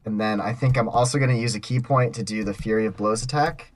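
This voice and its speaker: A man's voice: on the low side, fast. A man playing a tabletop role-playing game, talking casually and thinking aloud with fillers. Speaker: player.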